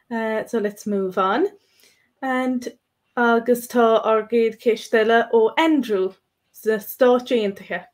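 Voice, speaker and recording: Hesitant woman teaching on a live stream. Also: on the high side. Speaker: co-host and Irish teacher. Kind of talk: live-stream language lesson.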